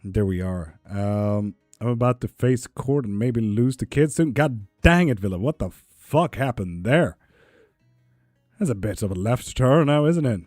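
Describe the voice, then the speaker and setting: A man's voice: mid-range voice, animated, unhurried, a little mellow, dry recording, studio quality, soft background music. A man chatting casually on a live tarot stream, reading viewers' comments aloud and swearing freely. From Sweden.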